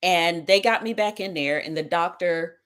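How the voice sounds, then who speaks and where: A woman's voice: fairly low pitch, normal speed, fairly bright tone, clear, resonant tone. A woman talk show host telling her own story as a personal testimony, dramatically retelling events and quoting what people said. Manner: dramatic retelling with quoted dialogue.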